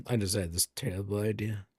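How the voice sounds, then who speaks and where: Husky-voiced male game streamer. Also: fairly low pitch, moderate pace, no room sound, studio quality. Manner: chatty, reads game dialogue aloud. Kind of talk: gameplay commentary.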